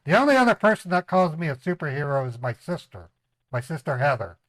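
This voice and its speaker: A man's voice: fairly high pitch, very animated, fairly quick, fairly bright tone, no room sound. Chatty man with a dry close sound. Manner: chatty, laughs often, slips into voices. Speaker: streamer, scam baiter. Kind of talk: casual livestream chat.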